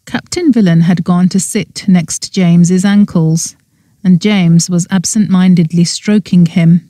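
An audiobook narrator reading a cozy mystery in first person, with an even storytelling manner. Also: mid-range voice, a little slow, no echo, studio quality.

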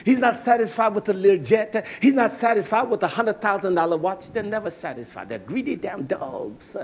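A man preaching a fiery sermon, swinging from loud shouting to hushed near-whispers. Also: sits high, expressive, moderate pace, a little hiss or hum.

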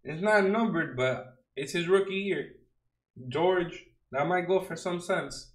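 A man's voice: sits high, slow, reverberant, rough recording. A young man opening trading card packs on a stream, talking casually in slang and joking with mock outrage at the cards he pulls. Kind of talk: casual unboxing chat.

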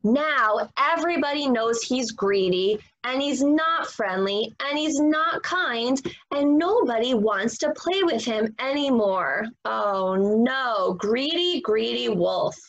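A woman teacher reading a story aloud to young children, animated and expressive. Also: on the high side, takes it slowly, hardly any pauses, muffled recording. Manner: animated, expressive, gasping for effect.

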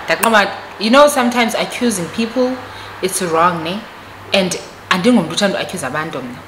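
A South African woman telling a story on her vlog, animated and switching between Xhosa and English. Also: on the low side, brisk, noisy background. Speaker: vlogger. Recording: echoey room recording.

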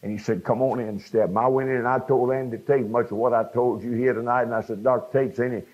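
A man's voice: mid-range voice, steady tone, quick pace. Older preacher telling his testimony. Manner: preaching storyteller, addresses the crowd directly. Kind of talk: sermon testimony. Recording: dull lo-fi sound.

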